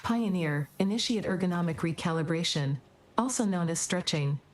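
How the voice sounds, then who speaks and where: A woman voicing a calm, formal female AI assistant in a game. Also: lowish voice, normal speed, slight background noise, close to an everyday voice.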